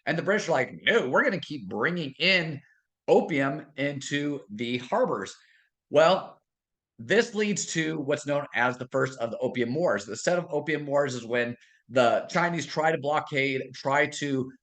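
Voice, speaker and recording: A man's voice: mid-range voice, fairly bright tone. Casual male history teacher lecturing. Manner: conversational, asks and answers own questions.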